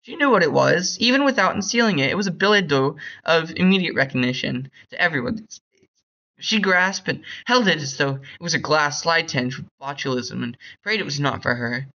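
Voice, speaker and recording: A young man reading a short story aloud in a bored, hurried way, stumbling over words. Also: on the high side, expressive, pushed and bright, muffled recording. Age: young adult. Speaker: reader.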